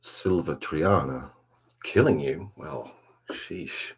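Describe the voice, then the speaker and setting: A very deep, gravelly man chatting softly on an ASMR live stream. He rambles in a laid-back, self-mocking way, answering the chat. His voice is husky. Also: slow pace. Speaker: ASMR livestream host.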